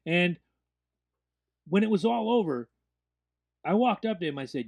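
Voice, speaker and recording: A man hosting a casual podcast, talking in an animated way and swearing freely. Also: sits high, unhurried, pauses often. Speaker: podcast host.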